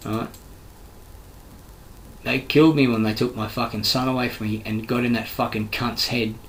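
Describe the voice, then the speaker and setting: A man's voice: medium pitch, level tone, moderate pace, slight background noise, poor audio. A man with an Australian accent, a construction worker delivering a rambling, heated, profane monologue full of restarts. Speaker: construction worker giving his views.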